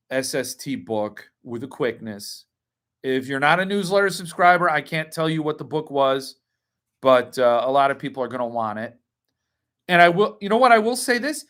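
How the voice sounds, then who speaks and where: A man's voice: medium pitch, lively intonation, moderate pace, a bit bright. A man hosting a casual livestream, rambling as he reads and answers chat comments. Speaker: host.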